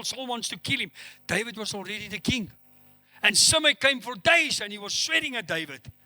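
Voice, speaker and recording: A man's voice: high-pitched, bright, forceful tone. A middle-aged man preaching a sermon as pastor, acting out the dialogue he quotes with rising emphasis. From South Africa.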